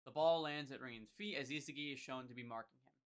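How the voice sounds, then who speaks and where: A man's voice: medium pitch, fast, clear, resonant tone. A man co-hosting a podcast, casually walking through a comic chapter panel by panel and thinking aloud with fillers. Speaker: podcast co-host. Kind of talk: casual manga chapter recap. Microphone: podcast mic.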